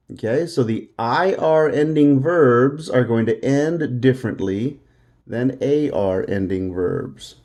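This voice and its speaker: A man's voice: mid-range voice, dark tone. A man teaching a Spanish lesson, patiently repeating words for the listener to drill. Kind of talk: language lesson.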